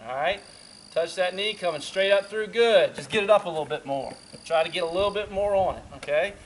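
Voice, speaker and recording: A man who directs parks and recreation, coaching basketball drills outdoors with quick, encouraging cues. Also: sits high, a little hiss or hum.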